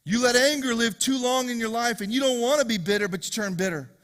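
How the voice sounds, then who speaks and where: A man preaching a sermon as pastor to a congregation, swinging from loud, driving passages to hushed, repeated questions. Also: very high-pitched, fast. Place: church hall with congregation.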